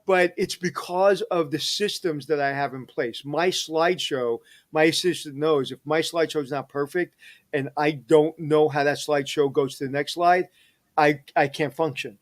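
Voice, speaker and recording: A middle-aged man, a hospitality executive, telling personal stories in an energetic, animated interview. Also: a little high, moderate pace. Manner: energetic, animated storyteller who digresses. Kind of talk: casual storytelling interview.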